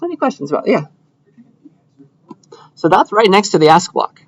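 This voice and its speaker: A young man teaching computer science in a lecture hall, chatty and easygoing as he explains each step out loud. His voice sits a little high for a man. The recording is dull and lo-fi. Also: big pitch swings, normal speed. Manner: casual, chatty, thinking aloud while clicking through code. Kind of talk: live classroom lecture with coding demo.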